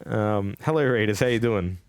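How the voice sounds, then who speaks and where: Aussie guy streaming, bit low-voiced, rambly and sweary, laughs a lot. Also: normal speed, no echo. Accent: Australian. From Australia. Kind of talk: casual live-stream chat while gaming.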